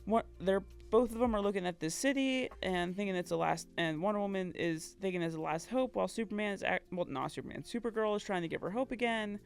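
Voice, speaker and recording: A woman co-host with a gravelly, creaky edge to her voice tells a game's story in easygoing chat. She acts out each character's lines as she goes and breaks into laughter often, at a mid pitch. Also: fast, few pauses, faint music behind. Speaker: podcast co-host. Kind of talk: casual chat recapping a game story.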